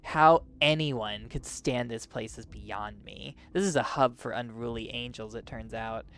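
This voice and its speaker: A stern, contemptuous angel enforcer, read by a player in a video game. The voice stays quiet and cold, with a tired scorn for everything around it. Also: medium pitch, a little slow, clean tone, natural voice. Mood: disdainful.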